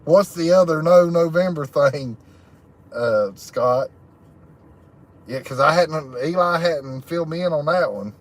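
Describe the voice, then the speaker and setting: A man with a slightly high voice speaks at an unhurried pace while hosting a livestream from a chicken hut on a camping trip. He reads out chat and laughs often, folksy and drawling, in casual live conversation.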